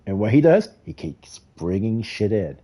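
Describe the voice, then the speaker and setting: A middle-aged man rants casually while he plays a game, swearing constantly and laughing as he goes. His voice is mellow and dark, but his pitch swoops up and down as he gets worked up. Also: very animated, normal speed, slightly rough. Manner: profane, heated storytelling with frequent laughs. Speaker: gamer. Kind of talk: casual rant while gaming.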